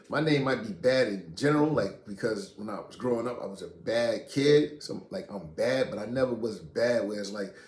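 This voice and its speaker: A middle-aged man from Queens, casually telling a story in street slang and profanity, animated and blunt. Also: lowish voice. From Queens, New York. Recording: echoey room, faint noise.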